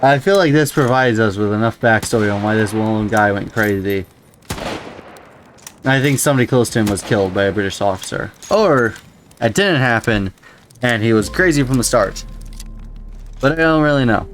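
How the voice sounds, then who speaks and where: A man's voice: on the low side, normal speed, slight background noise. A man casually commenting on a video game as he plays, rambling and musing aloud with frequent startled exclamations. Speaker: gameplay commentator. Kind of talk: casual let's-play commentary.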